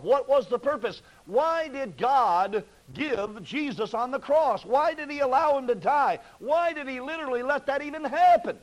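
High-voiced man preaching a fervent sermon. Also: animated, moderate pace, few pauses, low-quality recording. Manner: fervent, pleading preaching with rhetorical questions.

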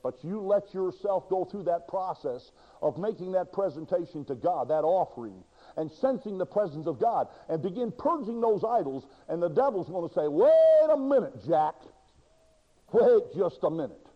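A high-voiced man preaching with big swings between near-shouted lines and hushed ones. His delivery is dramatic and lively, acting out the voices he quotes. The recording is dull and lo-fi, with long reverb from a large hall. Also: normal speed. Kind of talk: sermon.

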